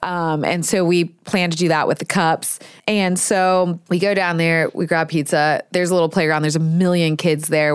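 A woman's voice: fairly low pitch, clean tone, no echo, clean studio sound. A woman, hosting a podcast and telling stories in a casual, chatty way. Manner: chatty storyteller with Southern "y'all", swearing and laughs. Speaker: podcast host. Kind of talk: casual chat.

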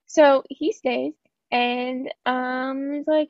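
A woman casually recapping a book, swearing and acting out the characters in quick mock dialogue. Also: sits high, gravelly, no room sound, muffled recording.

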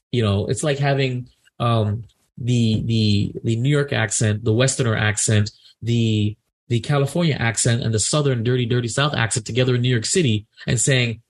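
A man co-hosting a casual chat, talking in an animated, indignant way with many restarts. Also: medium pitch, moderate pace. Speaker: podcast co-host.

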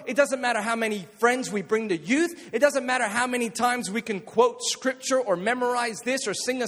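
High-voiced energetic youth preacher in a reverberant hall. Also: male voice. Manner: energetic, jokey, calls on the audience to respond. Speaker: youth pastor. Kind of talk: youth sermon with jokes and stories. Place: church youth hall with an audience.

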